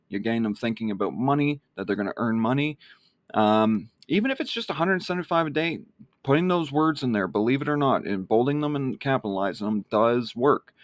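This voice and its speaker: A man with a lowish voice talks a viewer through his marketing email in a loose, rambling way. He fills the gaps with ums and "you know"s. The sound is close and dry, with no room around it. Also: dry recording. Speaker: online marketing vlogger. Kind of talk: casual screen-walkthrough explanation.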